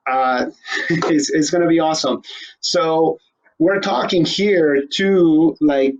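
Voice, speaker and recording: A man's voice: on the high side, takes it slowly. Joking male host, dull lo-fi sound. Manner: irreverent, joking, swears casually. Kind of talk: casual joking interview.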